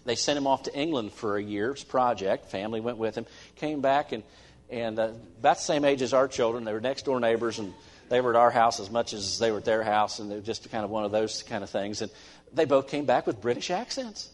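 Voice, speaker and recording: A middle-aged man preaching a sermon as pastor, earnest, swinging between emphatic stresses and soft asides. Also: medium pitch, brisk. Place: church sanctuary. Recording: long church-hall reverb.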